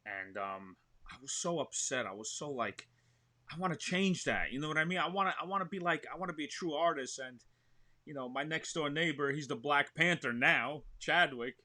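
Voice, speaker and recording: A man's voice: on the high side, a little fast. A man with a New York accent, a guest actor telling stories in a casual podcast interview and acting out what he describes. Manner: animated storyteller, acts out what he describes.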